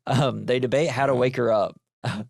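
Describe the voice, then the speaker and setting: A man co-hosting a movie podcast, recapping the plot in loose casual chat. He rambles with plenty of fillers and keeps breaking into laughter. His voice sits at an ordinary middle pitch, recorded close and dry with no room echo. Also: fairly even intonation, moderate pace, vocal fry, darkish tone. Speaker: podcast co-host.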